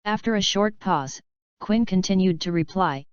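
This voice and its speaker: A woman narrating a fanfiction audiobook in an even, unhurried reading. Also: mid-range voice, smooth, dry recording. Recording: dull lo-fi recording.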